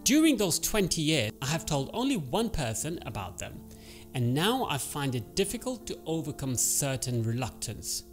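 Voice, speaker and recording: Expressive male teacher reading a story. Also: a little high, soft background music. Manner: expressive reading that pauses to explain words. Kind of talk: storytelling with vocabulary explanations.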